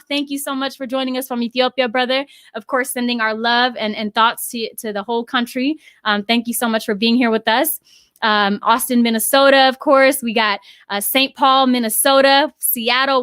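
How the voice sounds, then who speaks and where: A woman hosting a casual live stream, effusively reading out viewer comments and giving shout-outs. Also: high-pitched, no room sound, clean studio sound. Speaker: livestream host.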